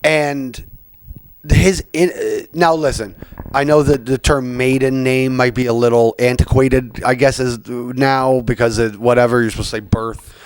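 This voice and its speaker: A man's voice: mid-range voice, fairly even intonation, unhurried, clean tone. A man hosting a podcast, ranting casually with lots of fillers and swearing. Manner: rambling, profane, frequent fillers. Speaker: podcast host. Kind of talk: casual rant.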